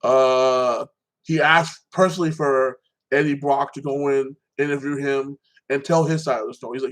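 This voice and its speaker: A man of ordinary middle pitch chats on his own channel, walking through a movie's story. His telling rambles, stacks up fillers and restarts, and he swears freely as he goes. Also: fairly even intonation, normal speed, fairly bright tone, low-quality recording. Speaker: vlogger. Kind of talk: casual movie recap monologue.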